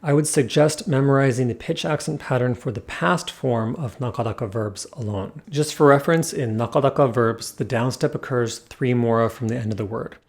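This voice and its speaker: A man delivers a scripted language lesson in an even, mid-pitched voice. He works through the rules in numbered points with a calm, methodical manner. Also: moderate pace, few pauses. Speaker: language teacher.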